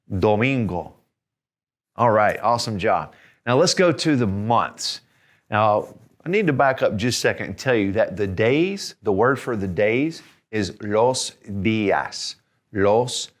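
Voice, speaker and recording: Low-voiced man teaching Spanish words. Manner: encouraging, repeats words slowly for learners to echo. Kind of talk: video language lesson.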